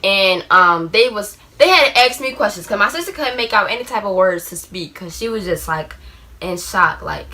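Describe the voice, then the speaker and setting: Young woman vlogger, casual storytime delivery, bright tone, filler-heavy and chatty. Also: medium pitch, animated, moderate pace. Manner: rambling, heavy use of "like", acts out shouted quotes. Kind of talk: storytime vlog, casual retelling.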